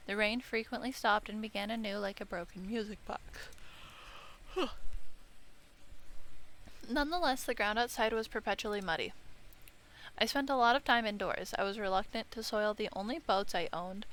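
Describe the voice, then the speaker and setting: A woman's voice: medium pitch, a bit bright. A woman playing a visual novel, reading the narration aloud with casual remarks, stumbling and correcting herself. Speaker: let's-play streamer. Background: game music.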